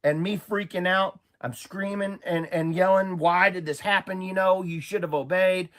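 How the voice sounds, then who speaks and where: A man's voice: high-pitched, steady tone, normal speed, fairly bright tone. A man from Oklahoma rambling through a personal testimony, often repeating himself and stumbling over his words. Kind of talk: storytelling testimony.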